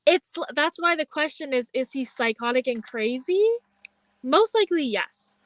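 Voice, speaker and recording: A young woman co-hosting a podcast tells a story in a casual chat, saying "like" constantly and acting out the lines she quotes. Her voice sits high and sounds animated at a normal speed, and the recording is dry.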